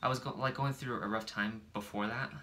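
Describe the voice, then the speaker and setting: A man in his twenties answers questions in a casual couple vlog, talking hesitantly with many pauses and restarts. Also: medium pitch, fairly even intonation, bright, forceful tone, a little hiss or hum. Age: 20s. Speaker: boyfriend guest.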